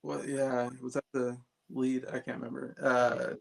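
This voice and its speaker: Guy with a gravelly voice, rambly casual album chat, lots of restarts. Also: medium pitch, completely flat delivery, a little slow. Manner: rambling, hesitant, many restarts. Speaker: album review co-host.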